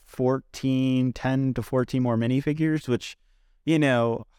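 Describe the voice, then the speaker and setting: A man's voice: medium pitch, fairly even intonation, a little slow, dark tone, clean tone, dry recording, clean studio sound. A man hosting a podcast in casual chat, rambling along with many fillers. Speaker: podcast host.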